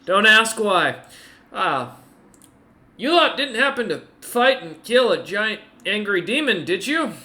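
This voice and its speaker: A man's voice: sits high, big pitch swings, slow, sharp tone, voice pushed up, full character voice. A man voicing a large, polite male ogre adventurer who speaks hesitantly and asks lots of questions. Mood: curious.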